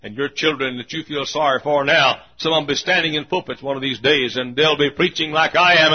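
A man preaching a sermon who swings between shouted peaks and hushed, drawn-out lows, often clearing his throat. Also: lo-fi sound. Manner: frequent throat clearing and coughs.

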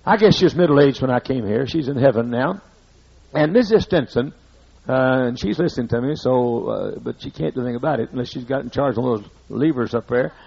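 A man's voice: medium pitch, expressive, fairly quick, creaky, darkish tone, breathy edge. An older man with a Southern accent preaching a sermon as pastor, folksy and repetitive, hammering his points home. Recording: muffled lo-fi sermon recording.

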